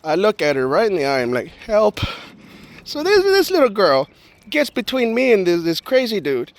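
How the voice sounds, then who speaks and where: A man vlogging, telling a personal story in a joking, animated way and acting out the people in it. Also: high-pitched, fairly quick. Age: adult with a young daughter. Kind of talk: casual storytelling to camera.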